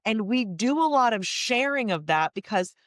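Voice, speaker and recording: Speaking at normal speed in a somewhat high voice, an American woman who owns a real estate business hosts a video interview. She's chatty and candid, telling animated stories, and the close mic gives a dry sound with no room tone.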